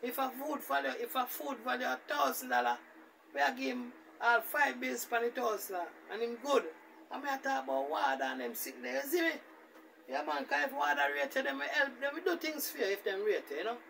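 A man's voice: extremely high pitch, brisk, vocal fry, far from the mic, slight background noise. A man with a Jamaican Patois accent rambling through a casual, repetitive story as a vlogger. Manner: rambling, repetitive, animated retelling.

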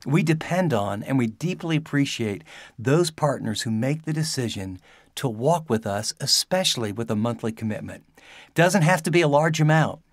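A ministry leader speaking straight to listeners in an earnest, conversational appeal. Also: male voice, mid-range voice, expressive, moderate pace, no room sound, clean studio sound.

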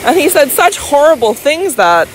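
A woman's voice: sits high, big pitch swings, normal speed, slight background noise, voice pushed up, rough recording. A woman playing a fragile, scheming young lady. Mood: anxious. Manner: hesitant, pleading, faltering.

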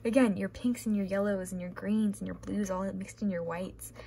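A woman's voice: medium pitch, steady tone, moderate pace, creaky, dark tone, slight background noise. A young woman vlogger gushing over art prints she is unboxing, with gasps, squeals and sudden whispers. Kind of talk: excited unboxing commentary.

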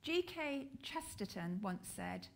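A woman with a British accent preaching a sermon, slow and deliberate with emphatic pauses. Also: mid-range voice, very animated, vocal fry.

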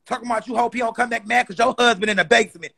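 A young man ranting in a profane, exasperated, fast-talking comedy style. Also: extremely high pitch, steady tone, creaky, sharp tone, slightly rough. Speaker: comedy creator.

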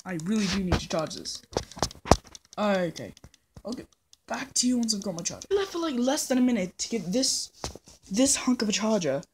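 This woman runs a gaming channel and narrates a let's-play casually in a put-on British voice, playful, rambling, self-deprecating and prone to humming nonsense. Her mid-range voice is animated at normal speed with frequent pauses; the phone recording carries a little hiss or hum.

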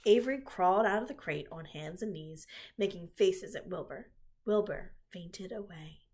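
A woman reading a children's book aloud in an expressive storytelling manner, with a husky voice. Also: medium pitch, moderate pace. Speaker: reader.

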